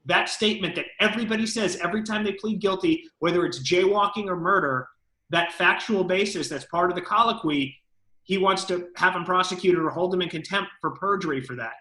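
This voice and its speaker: Emphatic man, bright voice, echoey room. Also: high-pitched, a little fast. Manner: emphatic, lawyerly explaining. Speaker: co-host of a political talk show. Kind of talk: opinionated political commentary.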